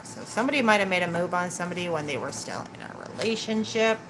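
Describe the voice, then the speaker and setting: A woman's voice: fairly low pitch, animated, fast talker, few pauses. A woman doing a live-stream tarot reading, chatting and teasing with her viewers and laughing often. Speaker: tarot reader. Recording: clear background noise.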